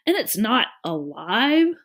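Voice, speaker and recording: A woman's voice: fairly high pitch, big pitch swings, slow, pitched above the performer's own voice, heavily acted. A woman reading a storybook, voicing a blunt, bossy thirteen-year-old girl who speaks sharply. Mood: scornful.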